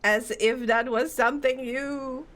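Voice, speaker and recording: A woman reading game dialogue aloud, voicing a gruff, superstitious old fisherman who boasts in a rustic dialect. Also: sits high, steady tone, unhurried, a bit bright. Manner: rustic dialect, dropping grammar.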